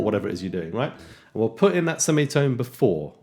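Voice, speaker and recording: A man teaching jazz guitar in a relaxed way, counting beats aloud and scatting rhythms. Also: on the low side, fairly quick. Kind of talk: casual instructional talk with counting and scatting. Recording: guitar playing underneath speech. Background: loud guitar music.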